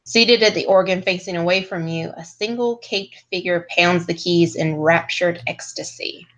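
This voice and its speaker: A woman narrating a tabletop game as game master, describing scenes in unhurried detail. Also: lowish voice, steady tone, fairly bright tone, low-quality recording.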